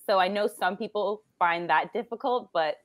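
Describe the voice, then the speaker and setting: A young Canadian woman with a Canadian accent, chatting quickly and laughing often as an English tutor on a video call. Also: medium pitch, no room sound. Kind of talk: casual chat on a video call.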